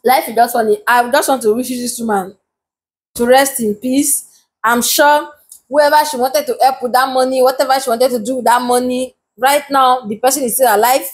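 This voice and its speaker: A woman's voice: high-pitched, fairly even intonation, normal speed. A Nigerian woman vlogger giving casual commentary, laughing often and hiccupping as she talks. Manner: laughing often while talking.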